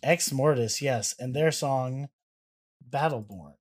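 Excitable, hesitant male podcast co-host. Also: mid-range voice, takes it slowly. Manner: excitable, hesitant, swears casually. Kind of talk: casual music-reaction chat. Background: faint music playing.

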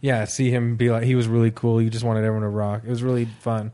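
A man's voice: medium pitch, flat delivery, quick pace, mellow. A man chatting as a podcast guest, geeking out enthusiastically about music he loves. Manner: enthusiastic, self-deprecating fan talk. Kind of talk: casual chat.

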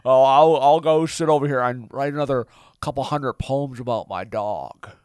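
A man's voice: mid-range voice, normal speed, darkish tone, clear, resonant tone, no echo, studio quality, lightly acted. Man putting on a cranky old-timer voice for a comedy bit; folksy and flustered. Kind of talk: comedic bit in podcast chat.

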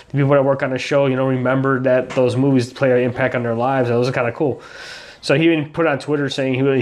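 A man in casual podcast chat, rambling with plenty of fillers and restarts. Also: medium pitch. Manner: rambling, filler-heavy, hesitant. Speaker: podcast co-host.

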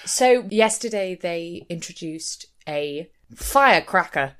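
A woman's voice: on the low side, animated, takes it slowly, fairly bright tone, clear, resonant tone. Giggly chatty woman. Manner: giggly, chatty, acts out quotes. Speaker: podcast co-host. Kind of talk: casual chat.

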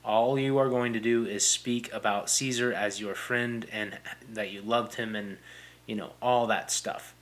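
A young adult man with a fairly low, steady voice speaks a little slowly as he casually explains a classic play on his podcast. He paraphrases lines and frequently restarts or uses fillers.

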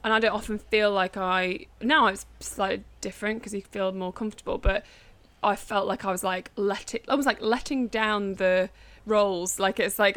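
A woman talking as a podcast guest in casual chat, pausing and restarting her sentences as she thinks. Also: mid-range voice, steady tone, fairly bright tone. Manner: halting, restarts often, reflective.

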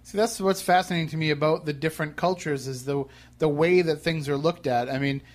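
A man's voice: a little high, fairly even intonation, brisk. A middle-aged man hosting a radio show, chatty and joking, asking long rambling questions. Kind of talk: casual interview.

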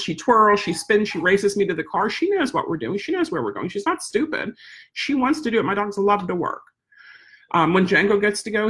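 A woman's voice: mid-range voice, fairly bright tone. Woman vlogging, rambly and repetitive, kinda exasperated, casual storytelling. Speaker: vlogger, service dog handler.

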